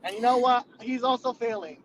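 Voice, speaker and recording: A man's voice: very high-pitched, a little fast, a crowd in the background. A young man telling rambling, profane work stories in casual chat, full of fillers. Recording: muffled lo-fi recording with clear background noise.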